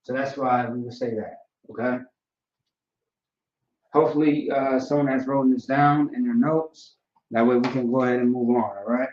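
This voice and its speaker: A man teaching a language class in a casual, relaxed way, often checking in with "right?" and "you know". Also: medium pitch, normal speed. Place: classroom, writing on a board. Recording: roomy, distant, dull lo-fi sound.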